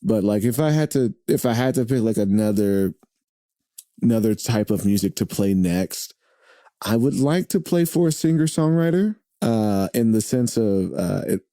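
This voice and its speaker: A man chatting as a guest in a relaxed interview, his voice dark and mellow with a fairly low pitch. He rambles, doubles back and fills gaps with "uh" and "like". The sound is close and dry, with no room echo. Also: moderate pace. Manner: rambling, many fillers and restarts. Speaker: podcast guest, drummer and radio host. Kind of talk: casual interview chat. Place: host's home.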